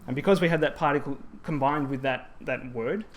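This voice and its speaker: A man's voice: medium pitch, fairly quick. A man presenting at a language teaching symposium, explaining grammar in a conference talk with frequent ums and self-corrections.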